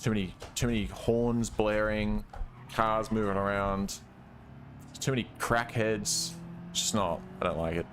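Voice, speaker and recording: A man's voice: lowish voice, steady tone, unhurried, a bit bright, a little hiss or hum. A young man from Western Australia with a working-class Australian accent, chatting casually and rambling while streaming a driving game. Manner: rambling, hesitant, trails off with "I don't know". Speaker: gaming streamer. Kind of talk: casual gameplay chat.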